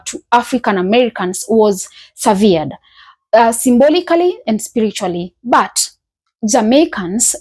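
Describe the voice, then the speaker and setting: Woman host, husky voice, higher pitch, hesitant commentary with restarts. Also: a little mellow. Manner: hesitant, with frequent fillers and restarts. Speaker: reaction channel host. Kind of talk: semi-scripted commentary.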